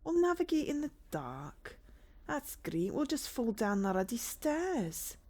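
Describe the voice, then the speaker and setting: A woman's voice: mid-range voice, very animated, slow, a little mellow. A woman streaming a point-and-click game, chatting casually and reading the game text aloud with joking asides. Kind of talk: casual let's-play commentary.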